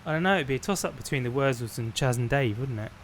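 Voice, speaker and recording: Casual British streamer, mid-range voice, narrating gameplay to a friend. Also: male voice, mid-range voice, fast, slight background noise. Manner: chatty, narrates his own actions. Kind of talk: casual gaming chat.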